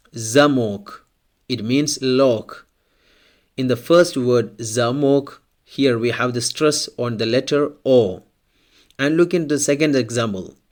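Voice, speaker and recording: Slow, deliberate male language teacher. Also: medium pitch. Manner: slow, deliberate, repeats example words. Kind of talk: scripted language lesson.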